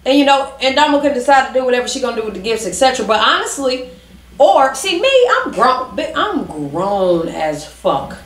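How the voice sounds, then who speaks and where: A woman's voice: high voice, sing-song, normal speed. A woman co-host in a casual chat, emphatic and slangy. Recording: echoey room.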